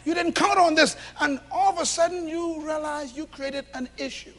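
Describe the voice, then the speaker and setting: A man preaching a sermon to a live congregation, swinging from shouts to low confiding tones and acting out little dialogues in different voices. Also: normal speed. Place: church hall with a congregation.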